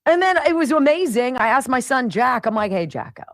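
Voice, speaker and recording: A woman in her fifties hosting a radio show, telling stories in a chatty, animated way. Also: high-pitched, fairly quick, no echo, studio quality. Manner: chatty, animated storytelling with sound effects and laughs. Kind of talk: casual monologue. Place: radio studio.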